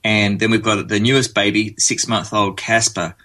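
An Australian man telling stories as an interview guest, in a low, rather bright voice. He talks in a relaxed, rambling way, with plenty of ums and asides. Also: normal speed. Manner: easygoing, rambling storyteller with fillers. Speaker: musician guest. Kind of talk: casual interview chat.

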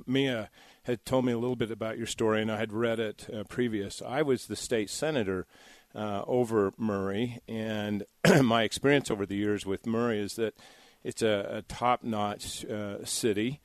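A man co-hosting a talk show, speaking in a measured, reassuring way with some hesitations. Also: fairly low pitch, steady tone, no room sound.

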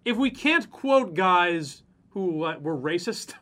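A man with a high, bright voice that swoops up and down as he rants. He swears freely and slips into mocking voices to make his point in a loose, casual chat. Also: expressive, slow pace. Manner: profane, ranting, mocks people in exaggerated voices. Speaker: podcast co-host.

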